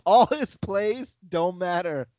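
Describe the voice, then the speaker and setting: Brief: male co-host, lively sports banter, slightly high voice, dry close sound. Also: takes it slowly, no room sound. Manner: animated, acts out quotes in mock voices. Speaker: podcast co-host. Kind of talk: casual sports chat.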